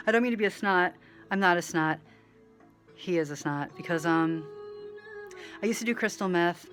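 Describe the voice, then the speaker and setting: A woman's voice: on the low side, unhurried, long pauses, soft background music. Rambling woman talking to camera. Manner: rambling, full of "like" and tangents; swings between loud animated bursts and quiet asides. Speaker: vlogger. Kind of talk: rambling direct-to-camera monologue.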